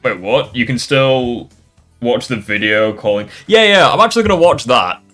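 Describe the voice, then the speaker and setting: A streamer hosts a casual reaction chat in a mid-range, sharp-toned voice with lively intonation at a moderate pace, soft music playing in the background. He rambles, laughs and swears often.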